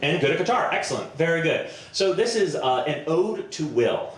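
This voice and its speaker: A man performing improvised comedy on stage, chatty and self-deprecating, often pausing with ums. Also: a little high, sing-song, heavy reverb. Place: festival stage before a live audience.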